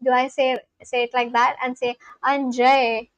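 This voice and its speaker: A woman's voice: sits high, monotone, moderate pace, no room sound, low-quality recording. A woman from India, chatting casually on a live stream, reading viewer messages aloud and answering them. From Kolkata, India. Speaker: livestreamer.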